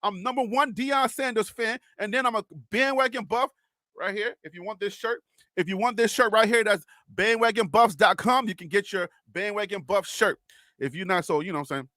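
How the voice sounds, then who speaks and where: A man hosting a live sports stream, excitable and teasing, calling out chat names in what he calls his radio voice. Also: high voice, brisk, no room sound, clean studio sound. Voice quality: self-described radio voice.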